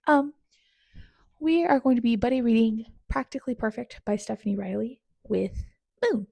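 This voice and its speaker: Dramatic, excitable woman book vlogger. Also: a little high, normal speed, gravelly, breathy edge, dry recording, studio quality. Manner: dramatic, exclaiming at the author, sometimes dropping to a whisper. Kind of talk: casual live reading reactions.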